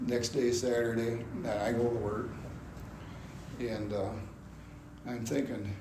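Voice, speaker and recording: A man's voice: mid-range voice, slow pace, long pauses. Older guy telling his conversion story, gets worked up retelling it, roomy echoey hall. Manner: animated storytelling, acts out his own past anger. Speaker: testimony speaker. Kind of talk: personal testimony at a gospel meeting. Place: gospel hall. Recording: echoey hall, faint background noise.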